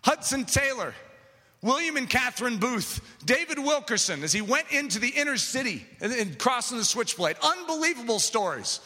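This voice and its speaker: A man preaches with fervor, his voice pitched high and ringing bright. His delivery rises and falls in lively swings. The sound carries a long reverb, as if recorded in a large hall. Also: normal speed. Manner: impassioned, builds to shouting. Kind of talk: sermon.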